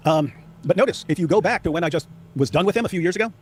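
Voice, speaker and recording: A man giving casual commentary, sarcastic, sometimes mocking others in exaggerated high-pitched quotes. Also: racing, breathy edge.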